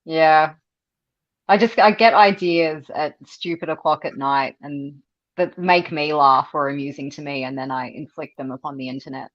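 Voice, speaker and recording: Low-voiced Australian woman, animated. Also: moderate pace, no room sound, muffled recording. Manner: animated, laughs often, repeats words when thinking. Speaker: interview guest. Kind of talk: casual interview conversation.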